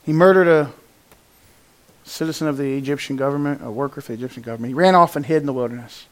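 A man preaching a sermon to his congregation, moving between raised, emphatic passages and quiet, hushed ones, and acting out the lines he quotes. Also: mid-range voice, fast talker. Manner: animated, swings from loud to hushed, acts out quotes. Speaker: pastor.

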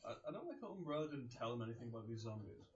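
A man's voice: mid-range voice, sing-song, racing, recorded from a distance, lo-fi sound. A man in a casual movie commentary chat with friends, joking and laughing often. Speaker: co-host watching a film.

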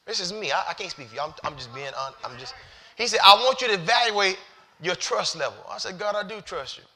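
A male pastor preaching a sermon, moving from hushed, halting storytelling to loud, shouted exhortation. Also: high-pitched, lively intonation. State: near tears.

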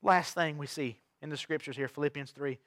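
A man preaching a sermon to his church, telling stories with big swings from quiet asides to shouts. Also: a little high, fairly even intonation, a little fast, no echo, studio quality. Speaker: pastor.

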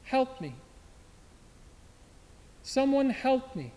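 A man's voice: sits high, sing-song, extremely slow, full character voice. A man voicing a dying young soldier in agony, speaking in a strained, gasping way. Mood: crying out. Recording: long hall reverb.

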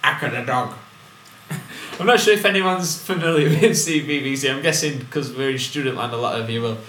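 Deadpan young man, echoey room. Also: medium pitch, moderate pace. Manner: dry, deadpan jokes. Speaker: podcast co-host. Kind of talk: casual comedic chat. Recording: echoey room with faint hiss.

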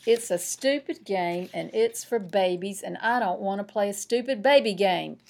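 A woman voicing an angry, sulky young boy in a children's storybook reading, speaking loud and raised. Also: mid-range voice, moderate pace, vocal fry, natural voice. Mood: grumpy.

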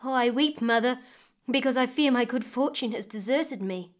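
A woman's voice: on the high side, normal speed, close to an everyday voice. A woman voicing a poor young peasant girl who pleads earnestly in a storybook reading. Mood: tearful pleading.

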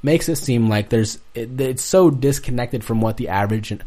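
A young man in a casual podcast discussion, talking in a halting way and restarting often as he searches for words. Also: medium pitch, dark tone.

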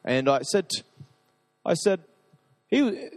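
A man preaching a sermon to a live audience, talking in an energetic, rambling, enthusiastic way. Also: high-pitched, moderate pace, long pauses, big-room sound.

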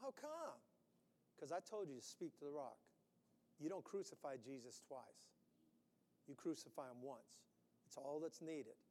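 A man preaching a sermon, animated, acting out quotes with sudden loud bursts. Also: mid-range voice, in a large hall, slight background noise. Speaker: pastor.

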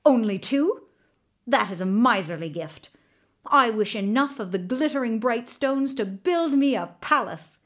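A woman's voice: a little high, expressive, unhurried. A woman voicing a vain, impatient young king in a storybook reading, snappish and demanding. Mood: peevish. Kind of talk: storybook narration.

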